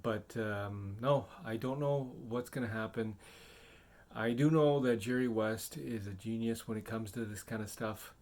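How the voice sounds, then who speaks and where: Rambling low-voiced male vlogger. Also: a little slow, darkish tone. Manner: rambling, hesitant with many fillers. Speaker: sports video creator. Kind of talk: casual vlog commentary.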